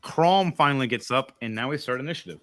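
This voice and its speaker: A man's voice: medium pitch, lively intonation, quick pace, fairly bright tone, faint music behind. A man running a tabletop role-playing game as game master, chatty and explaining the rules as he goes.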